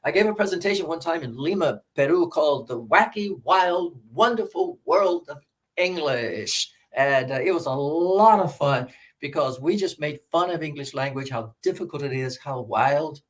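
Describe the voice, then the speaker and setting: A man's voice: a little high, moderate pace. A man leading a workshop for English teachers, speaking into a microphone and animatedly modelling words. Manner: animated, demonstrative, drawing out words.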